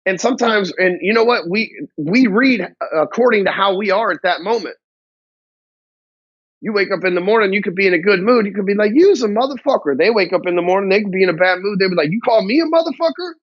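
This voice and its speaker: A man's voice: high-pitched, fairly quick, dry recording. A male business coach giving a blunt, profane motivational talk to camera, full of slang and swearing. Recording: dull, dry lo-fi audio.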